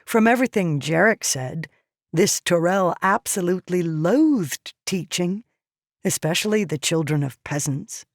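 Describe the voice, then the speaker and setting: A woman narrating a novel in an unhurried, measured way, her voice on the low side. The recording is dry and close with no room sound. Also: lively intonation, dry recording. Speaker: audiobook narrator. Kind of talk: scripted narration.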